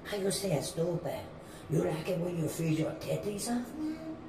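A streetwise Chicano man grumbles in a slangy drawl, as a man puts on the voice. His pitch swings around a lot. The voice sounds far from the mic, in an echoey, noisy room. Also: sing-song, moderate pace. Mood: complaining. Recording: roomy, distant, noisy room.

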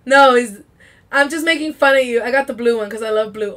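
A woman chatting excitedly while playing a video game, often shrieking and laughing. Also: sits high, a little fast. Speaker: gamer playing on stream. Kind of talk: casual gaming commentary.

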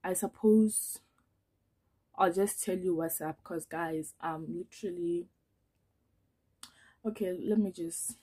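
A young woman talks casually to camera in a nervous, chatty way, filling her speech with ums. Her voice is low-pitched, mellow and a little husky. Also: slow pace, long pauses. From South Africa. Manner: nervous, chatty, many fillers. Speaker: vlogger.

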